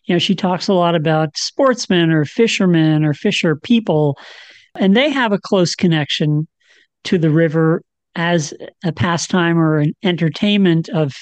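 A woman co-hosting a radio talk show, speaking in a relaxed, thoughtful way. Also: fairly low pitch, normal speed, no room sound.

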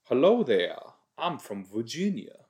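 A man putting on the voice of a genteel, formal 1860s Southern gentleman with a slow, overly polite way of speaking. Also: mid-range voice, very animated.

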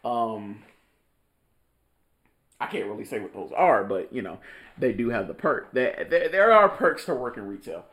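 A man's voice: mid-range voice, animated, unhurried, pauses often, a bit bright. A young man in casual podcast chat, telling a work story with lots of laughter, cursing and slang.

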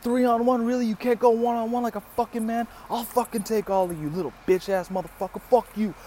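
A man voicing a brash young woman who yells swearing taunts in a shrill voice. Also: steady tone, a little fast. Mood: furious. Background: passing traffic noise.

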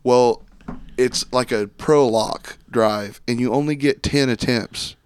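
A man's voice: mid-range voice, takes it slowly, clear, resonant tone. A man co-hosting a podcast, loosely recapping a news story with casual swearing. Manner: relaxed, profane, recaps news stories loosely. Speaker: podcast co-host. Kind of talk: casual chat.

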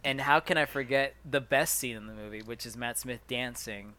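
A man's voice: medium pitch, normal speed, bright, forceful tone. A man co-hosting a podcast, recapping a movie in casual chat with rambling, self-interrupting storytelling. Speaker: podcast co-host.

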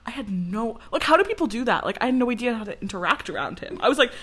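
Her voice is a bit high, quick, and husky as this woman in her twenties tells a story on the podcast she co-hosts. The chat is casual, and she keeps it lively with frequent laughter and impressions of the people she quotes.

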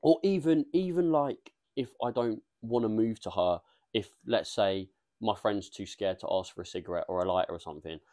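A young man, co-hosting a casual podcast, blunt and quick to laugh. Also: lowish voice, mellow. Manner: blunt, laughs often, reads out listener questions. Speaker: podcast co-host. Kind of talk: casual chat.

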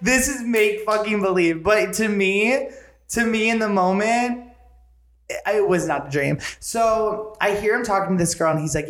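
A young man and podcast co-host telling a story in casual chat, animated and profane, acting out the lines of everyone in it. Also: high voice, normal speed. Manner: animated, profane, dramatic retelling with lots of quoted dialogue. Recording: roomy echo.

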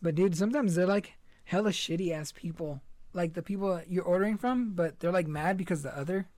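A man's voice: high-pitched, a little fast, a little mellow, dry recording. A young man hosting a podcast, chatting casually in a rambling, laid-back way and swearing a lot. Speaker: podcast host. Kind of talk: casual chat.

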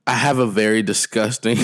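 A man's voice: fairly low pitch, steady tone, moderate pace. A man hosting a podcast in casual chat, joking around, rambling and laughing often. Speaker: podcast host.

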